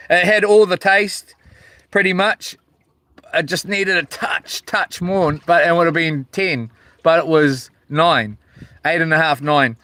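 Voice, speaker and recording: A man's voice: high-pitched, pushed and bright, no echo. A man with a New Zealand accent chatting casually on a live stream from a small boat outdoors, slangy and laid-back as he reads viewer comments aloud. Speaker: livestreaming fisherman.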